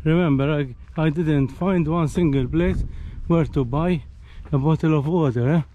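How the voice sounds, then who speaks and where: Out on a hiking trail, a Maltese man records casual walking commentary, chatty and fond of finishing lines with "eh?", his breath growing short as he tires. His fairly high voice is dark in tone and unhurried. The sound is dull, with a touch of hiss or hum.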